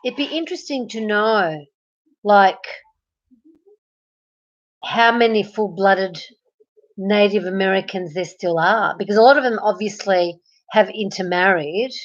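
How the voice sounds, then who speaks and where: A woman's voice: medium pitch, unhurried, pauses often, muffled recording. An Australian woman chatting on a live stream from her bed at night, greeting viewers and reading their comments aloud. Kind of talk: casual live-stream chat.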